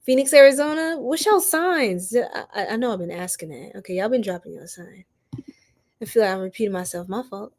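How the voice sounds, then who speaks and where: A woman's voice: mid-range voice, animated, fairly quick, a little mellow, slight background noise. A woman hosting a casual live stream, greeting viewers by name and laughing often. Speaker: tarot reader and live stream host.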